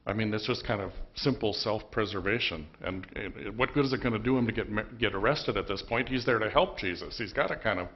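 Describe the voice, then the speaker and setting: Low-voiced pastor preaching conversationally. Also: male voice, a little fast, hardly any pauses, highs cut off. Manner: storytelling, conversational with emphatic outbursts. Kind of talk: sermon. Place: church.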